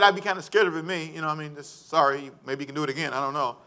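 A male pastor preaching a sermon, animated and calling on the congregation to answer back. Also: on the high side, very fast, hardly any pauses.

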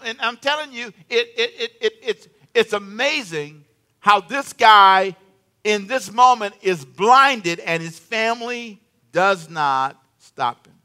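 A man preaching a sermon in church, telling stories with jokes and acting out the characters. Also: high voice. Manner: animated storytelling, acts out the king and Haman; jokes with the congregation and laughs. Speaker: pastor.

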